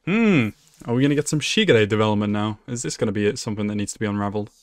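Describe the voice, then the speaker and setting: A man's voice: on the low side, animated, racing, no room sound, clean studio sound. Emotional young man reacting to anime. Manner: emotional, swearing, laughing, says bro. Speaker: anime reaction channel host. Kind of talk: casual reaction commentary.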